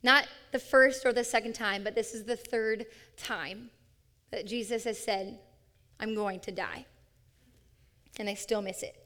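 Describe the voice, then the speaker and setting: A woman's voice: fairly high pitch, fairly even intonation, normal speed, sharp tone. Upbeat woman preaching in a big reverberant hall. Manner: upbeat, playful, coaxing the audience. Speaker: young adult ministry speaker. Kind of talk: interactive sermon.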